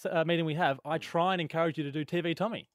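An Australian man co-hosting a radio show, teasing his partner and laughing often in quick banter. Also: a little high, fairly even intonation, no room sound, studio quality. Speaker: radio co-host. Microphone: studio microphone.

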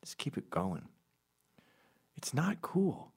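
A comedian doing a rambling, sarcastic comedic monologue with deadpan asides, jumping into loud, high voices for the people he quotes. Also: takes it slowly, gravelly, husky.

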